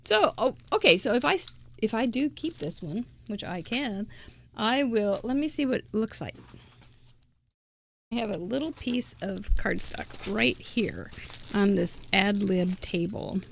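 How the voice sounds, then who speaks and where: A woman's voice: medium pitch, vocal fry. An older woman hosting a live crafting show, chatting casually and giggling as she thinks aloud. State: out of breath.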